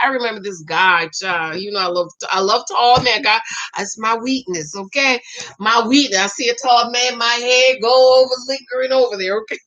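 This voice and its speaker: Sassy high-voiced woman giving dating advice. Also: moderate pace. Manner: sassy, animated, addresses listener as "girl"; acts out quoted voices. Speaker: relationship advice vlogger. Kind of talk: casual advice chat to women viewers.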